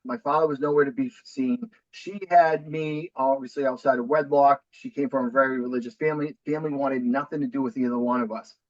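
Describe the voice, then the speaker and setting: A man's voice: mid-range voice, steady tone, a little fast, hardly any pauses, dry recording, lo-fi sound. A man in his forties from New Hampshire with a thick Boston accent, a talkative and upbeat podcast guest telling his story. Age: 40s. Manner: upbeat, talkative, self-deprecating. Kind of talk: casual interview.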